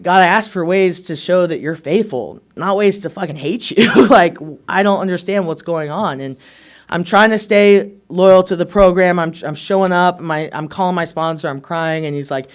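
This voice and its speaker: A young man with a slightly raised pitch gives an open, earnest personal testimony at a recovery meeting. His talk is casual and candid, full of "like" and quick "right?" tags, and he tells his story in plain everyday words. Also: smooth.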